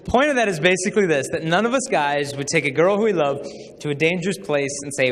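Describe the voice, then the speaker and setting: Lively young man telling stories in a hall. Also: fairly high pitch, fast talker. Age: 20s. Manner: animated, acts out quoted voices. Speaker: chastity speaker. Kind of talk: humorous storytelling talk. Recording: hall reverb with faint noise.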